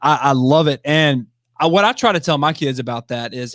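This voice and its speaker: A man hosting a casual interview, speaking in a relaxed, conversational way as a football coach. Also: mid-range voice, normal speed, dry recording, studio quality.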